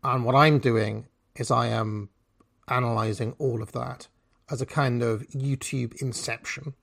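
A YouTube commentator records on a cheap microphone instead of his usual one, and his voice is medium-pitched, steady, gravelly and a bit bright. He speaks at a measured pace, giving casual, sardonic commentary full of swearing and chatty asides.

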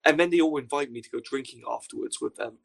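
Gravelly, wry man. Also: mid-range voice, fast talker. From Wales. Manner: deadpan, wry understatement. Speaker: guest. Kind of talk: casual storytelling anecdote.

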